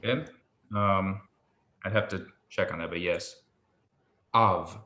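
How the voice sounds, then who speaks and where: A man patiently tutoring a student in Hebrew pronunciation, relaxed and a little hesitant, with many ums. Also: sits low, normal speed, slight background noise. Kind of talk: patient one-on-one language lesson. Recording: echoey room with faint ambience.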